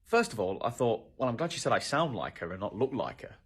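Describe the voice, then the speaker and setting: A British man tells an amused story about himself, his voice swinging widely in pitch. His tone is a little husky, and his delivery is dry and self-mocking. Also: very animated, quick pace. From Britain. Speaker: vlogger. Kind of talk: humorous storytelling to camera.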